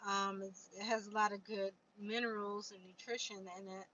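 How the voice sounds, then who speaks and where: Answering comments and reading from a book, this female livestream host keeps things casual. She speaks at medium pitch with little movement in it, at normal speed, in a bright, forceful tone. Audio comes through as dull lo-fi stream sound with a trace of noise.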